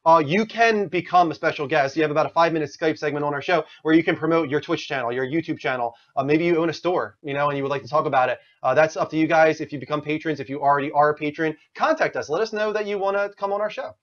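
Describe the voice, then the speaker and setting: Fast-talking upbeat male show host. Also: on the high side, fairly bright tone. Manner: upbeat, laughs easily. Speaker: show host taking calls. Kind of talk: casual live show chat. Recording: dull lo-fi stream audio.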